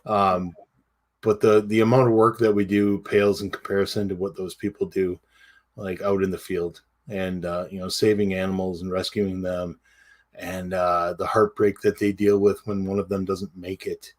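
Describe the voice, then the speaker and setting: Lowish-voiced man, halting podcast chat. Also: level tone. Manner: halting, many fillers and restarts. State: tearful. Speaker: podcast co-host. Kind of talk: casual chat.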